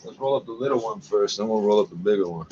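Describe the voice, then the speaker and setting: A man's voice: lowish voice, fast talker, lo-fi sound, noisy background. A man rambling profanely to camera in a casual monologue, muttering asides and tagging lines with "eh?". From Canada. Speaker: vlogger.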